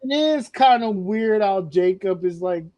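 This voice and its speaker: Co-host, man, higher voice, blunt and profane, sure of his calls. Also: animated, unhurried, dark tone. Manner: blunt, profane, confident predictions. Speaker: podcast co-host. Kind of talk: casual wrestling talk.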